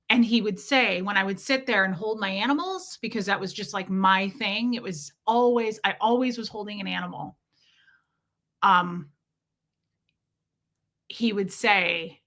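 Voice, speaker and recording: A woman's voice: medium pitch, moderate pace, a bit bright. A young woman hosting a livestream from a room at home with her pets, talking candidly and emotionally with lots of fillers and restarts. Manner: emotionally charged, near tears. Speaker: livestream host. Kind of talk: casual confessional livestream talk.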